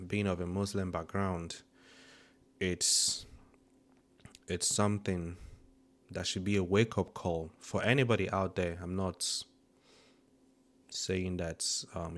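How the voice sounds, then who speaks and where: A man hosting a channel, introducing and reacting to a testimony video in a slow, earnest, hesitant way, audibly moved. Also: low-pitched. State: emotional. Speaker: channel host. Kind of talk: reflective commentary introducing a video.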